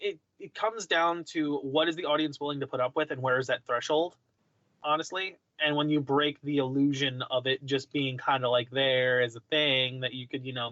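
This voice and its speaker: A man's voice: medium pitch, pushed and bright, dry recording, muffled recording. A man co-hosting a casual podcast, rambling through his points with lots of fillers and the odd swear. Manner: rambling, filler-heavy, irreverent. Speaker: podcast co-host. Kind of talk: casual chat.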